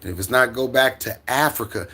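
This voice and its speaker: A mid-range, brisk voice, pushed and bright, belongs to a middle-aged man from the United States. He's casually livestreaming from home with his dog, reading the chat aloud and responding in a rambling style marked by stammers, restarts and chuckles.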